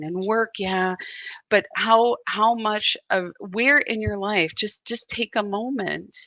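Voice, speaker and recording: Bright-voiced lady guide doing a live meditation talk, candid then thoughtful, dry sound. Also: mid-range voice, dry recording. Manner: candid storytelling turning reflective. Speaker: spiritual guide.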